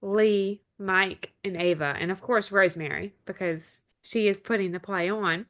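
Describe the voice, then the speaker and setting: A woman co-hosting a relaxed podcast, recapping a TV episode scene by scene in an ordinary mid-range voice. She keeps the chat moving with frequent quick agreements. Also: medium pitch. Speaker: podcast co-host.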